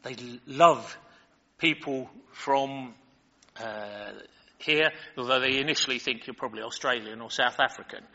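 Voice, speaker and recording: Bright-voiced older British preacher. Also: male voice, medium pitch, a little slow, in a large hall. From Britain. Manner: chatty, digressive, many fillers. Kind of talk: Bible reading and sermon. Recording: muffled lo-fi recording.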